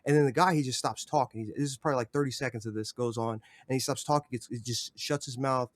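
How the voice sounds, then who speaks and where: A young man tells a story on a podcast in a loose, rambling way. He swears constantly and fills his speech with "like" and "you know". His medium-pitched voice sounds dry and close. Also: fairly even intonation, quick pace, no room sound. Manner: profane, rambling, filler-heavy. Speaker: podcast guest. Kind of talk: casual storytelling.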